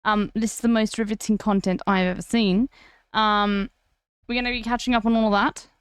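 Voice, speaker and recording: A young South African woman with a South African accent, casually chatting to her live-stream viewers, blunt and quick to swear. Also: medium pitch, fairly even intonation, clean tone, no echo, studio quality. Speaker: livestreamer.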